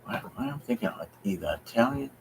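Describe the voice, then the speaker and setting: A man's voice: medium pitch, expressive, fast, vocal fry, a little hiss or hum, low-quality recording. A man chatting casually on a live stream, rambling and hesitant, thinking aloud with many fillers as he talks to viewers. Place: home basement.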